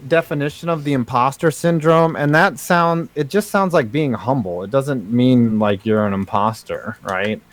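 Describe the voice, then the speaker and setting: A man's voice: medium pitch, moderate pace, few pauses. A young man co-hosting a livestream in casual, rambling chat. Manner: rambling, restarts, jokey. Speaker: co-host.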